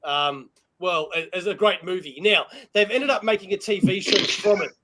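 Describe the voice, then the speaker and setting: There's background noise as a high-voiced Australian co-host rambles excitedly on a casual live chat show, laughing at himself often. He keeps a moderate pace.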